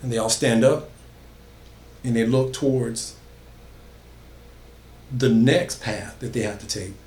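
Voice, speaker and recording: Man, casual horror storytelling, repeats phrases for emphasis, mid pitch, roomy echo. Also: takes it slowly, a little mellow, a little hiss or hum. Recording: echoey room.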